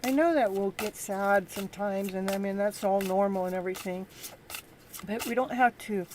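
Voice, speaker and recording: Female tarot reader and host, live reading, gentle and encouraging, mid pitch. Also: background noise. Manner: gentle, encouraging, halting delivery.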